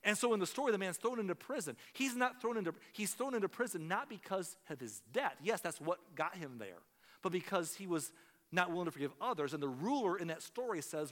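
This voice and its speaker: A man's voice: high-pitched, very animated, brisk, a bit bright, long reverb tail. A man preaching a sermon as a pastor, telling a story and acting out the characters' lines. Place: church sanctuary.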